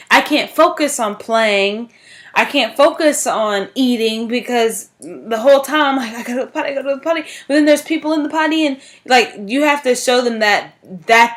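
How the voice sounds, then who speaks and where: A woman teacher gives an informal informative talk in a slightly high voice. She speaks chattily, fills her sentences with "like" and "um", and repeats key words for emphasis. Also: a bit bright. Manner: frequent "like" and "um" fillers.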